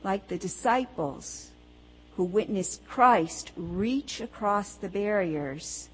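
A woman preaching a sermon, slow and deliberate, earnest as she works through rhetorical questions. Her voice rings with a long hall reverb. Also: medium pitch, lively intonation, husky. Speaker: pastor or preacher. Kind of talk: sermon with storytelling.

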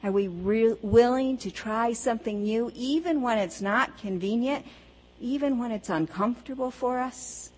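A woman preacher telling a story within a sermon, measured and earnest, posing rhetorical questions. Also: on the high side, a little mellow, breathy edge, in a large hall, poor audio. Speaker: pastor or preacher.

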